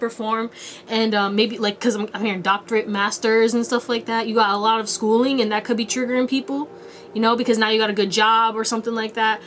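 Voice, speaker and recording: A woman's voice: on the high side, slight background noise. A woman giving a casual tarot reading to her viewers, playful and chatty with a lot of slang and frequent laughter. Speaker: tarot reader.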